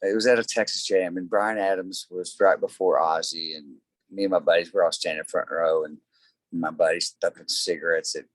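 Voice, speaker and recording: A man's voice: sits low, steady tone, fairly quick, no echo, rough recording. A man, a singer in a tribute band, chatting as a guest in a casual interview and telling rambling stories full of fillers. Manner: rambling storyteller, many fillers.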